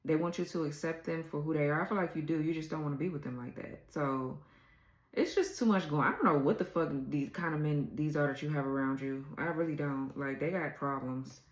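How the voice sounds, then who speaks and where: A woman gives a casual tarot reading, blunt and exasperated, swearing freely as she works through the cards. Her low voice is brisk, and the low-quality recording sounds reverberant.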